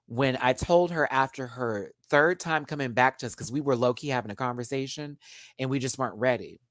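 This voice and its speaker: A man hosting a live stream, telling a story in a casual, animated way straight to his viewers. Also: medium pitch, brisk, no echo, clean studio sound. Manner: animated, chatty, addresses viewers as y'all.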